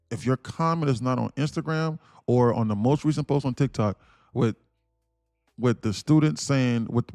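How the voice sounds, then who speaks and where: A young man hosts a live day-trading stream with a dark, mellow voice. He pushes his points emphatically, repeats himself and laughs between lines. The sound is dry and close, with faint music underneath. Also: mid-range voice, no room sound. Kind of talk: livestream rant and trading commentary.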